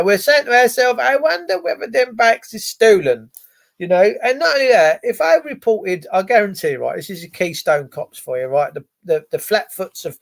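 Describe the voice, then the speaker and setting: High, gravelly man ranting. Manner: profane, sarcastic, wandering. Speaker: live-stream host reading chat. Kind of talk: casual ranting commentary.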